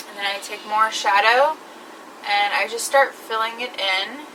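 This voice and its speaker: A woman's voice: on the high side, unhurried, bright, forceful tone, recorded from a distance, a little hiss or hum, low-quality recording. A woman talking through her makeup routine step by step in a chatty vlog. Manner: chatty, explains each step. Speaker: beauty vlogger. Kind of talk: makeup tutorial.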